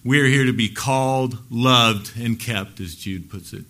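A male pastor preaching a Sunday sermon, earnest, lifting his voice for emphasis and letting phrase ends fall soft. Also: medium pitch, a little slow.

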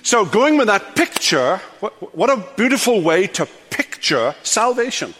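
A man's voice: sits high, a little slow, slightly rough. Older man preaching in a reverberant hall. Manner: animated preaching, rising loud then dropping to hush. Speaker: pastor. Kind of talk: sermon. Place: church sanctuary.

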